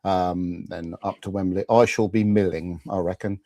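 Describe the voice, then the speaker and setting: A man's voice: low voice, steady tone, normal speed, mellow, dry recording. A middle-aged man hosting a live fan chat show, telling rambling stories full of restarts and fillers. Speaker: podcast host. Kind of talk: casual live-stream chat.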